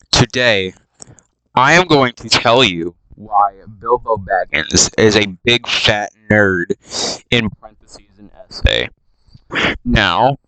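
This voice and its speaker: A man's voice: lowish voice, pushed and bright, smooth, dry recording, rough recording. A man giving a meandering, flippant comic retelling, full of asides and fillers. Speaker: YouTube spoof narrator.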